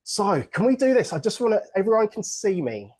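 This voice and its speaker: A man's voice: sits high, big pitch swings, a little fast, a little mellow. A man from England with an English accent, hosting an online book launch on a video call in an upbeat, joking, playful way.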